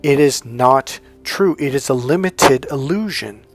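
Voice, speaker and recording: A man coaching on self-help, telling a personal story in a casual, animated monologue, often restarting his sentences. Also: mid-range voice, a little slow, faint music behind. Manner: animated storytelling, breaks into loud acted-out dialogue; frequent restarts and stumbles.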